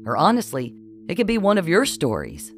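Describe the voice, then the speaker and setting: A man voicing a blunt, sarcastic, scolding middle-aged woman in an audiobook, forceful and bossy. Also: a little high, huge pitch swings, brisk, voice pushed up. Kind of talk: audiobook character voice.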